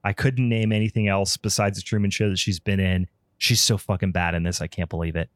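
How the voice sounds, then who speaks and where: A man's voice: sits low, fairly even intonation, a little fast, dry recording, clean studio sound. A man hosting a podcast in casual chat, rambling and profane with frequent ums. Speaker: podcast host.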